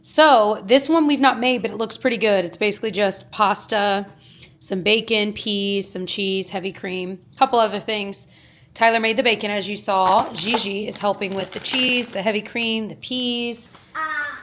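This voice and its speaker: A woman's voice: medium pitch, fairly bright tone, a little hiss or hum. Cheerful chatty woman vlogging. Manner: cheerful, chatty, quick asides. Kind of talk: casual vlog chat.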